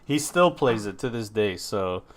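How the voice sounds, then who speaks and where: A man's voice: on the low side, very animated, measured pace. A man hosting a podcast, chatting casually and rambling with lots of filler words and the odd swear. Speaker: podcast host. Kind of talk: casual chat.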